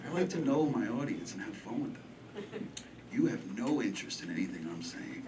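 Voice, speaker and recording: A man's voice: on the low side, animated, brisk, very noisy. A man with a New York accent doing stand-up, brashly teasing people in the audience. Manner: brash, teasing, riffs with the crowd. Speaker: stand-up comedian. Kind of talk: stand-up crowd work. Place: comedy club. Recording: live club set, far mic, loud crowd.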